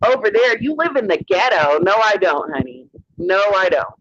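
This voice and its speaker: A man's voice: high voice, very animated, moderate pace, fairly bright tone, a little hiss or hum. A man hosting a livestream, delivering a heated rant in a sassy, profane way and calling people honey. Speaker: livestream host. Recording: dull lo-fi stream audio.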